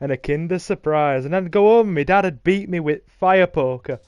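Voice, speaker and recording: A man putting on an exaggerated northern English accent as a gruff old man boasting about his mining family. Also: on the high side, fairly quick, a little mellow, dry recording, highs cut off, faint music behind, close to an everyday voice. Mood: grumbling. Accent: put-on northern English. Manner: exaggerated tall-tale bluster.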